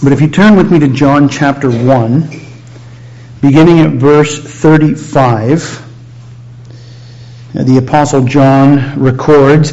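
A man preaching a sermon, teaching slowly through a Bible passage with frequent pauses. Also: medium pitch, darkish tone, highs cut off.

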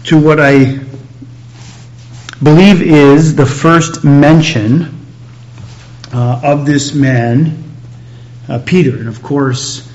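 A man preaching a sermon, teaching slowly through a Bible passage with frequent pauses. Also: mid-range voice, darkish tone, muffled recording.

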